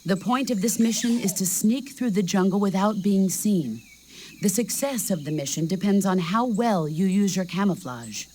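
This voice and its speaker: A woman voicing a calm female support officer who explains tactics over the radio in a video game. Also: medium pitch, normal speed, a little hiss or hum, natural voice. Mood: instructive. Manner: instructive, steady explanation.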